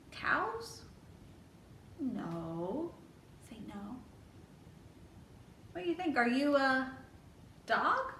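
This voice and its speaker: A woman's voice: high voice, fairly bright tone, far from the mic, a little hiss or hum. A woman children's librarian leading a toddler storytime, speaking in a coaxing way and asking the children questions. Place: library room. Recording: echoey room, mic set back.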